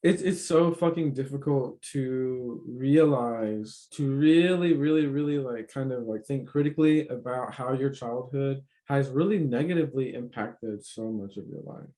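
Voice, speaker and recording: A man's voice: medium pitch, moderate pace, hardly any pauses, mellow. A man hosting a casual conversation, talking emphatically with lots of fillers and swearing. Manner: emphatic, profane, filler-heavy. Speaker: podcast host.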